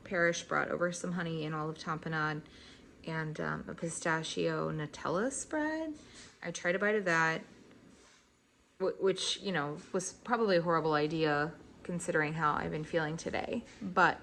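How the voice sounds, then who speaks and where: A woman's voice: on the low side, gravelly, fairly bright tone, slight background noise. A woman in her thirties talking casually into her phone for her vlog, chatty and rambling. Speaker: vlogger. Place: in her car, then at home. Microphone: phone held at arm's length.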